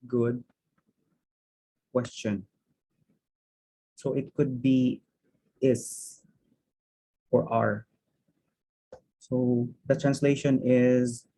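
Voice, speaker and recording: Slow, husky man teaching grammar. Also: mid-range voice, little pitch movement, dark tone, poor audio. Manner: methodical, repeats words while thinking. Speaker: language teacher. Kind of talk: explaining grammar with examples.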